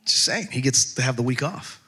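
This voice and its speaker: Bright, lively-voiced man preaching. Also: medium pitch, husky. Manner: conversational storytelling with humor; slows down to stress scripture. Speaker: pastor. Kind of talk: sermon.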